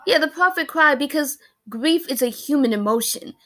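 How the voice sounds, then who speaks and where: A woman's voice: high-pitched, moderate pace, bright, forceful tone. A woman in her early twenties talking casually about a personal loss, rambling and emotional, with many fillers and restarts. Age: early 20s. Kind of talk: casual personal talk to camera.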